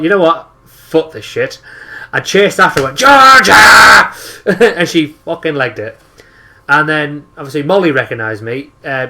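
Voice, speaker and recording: A young man with a Teesside accent chats casually on a podcast, spinning sweary stories. His voice is bright and a touch high, and he swears freely. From northeast England. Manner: swears often, tells anecdotes with acted-out quotes. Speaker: podcast co-host. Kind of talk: casual chat.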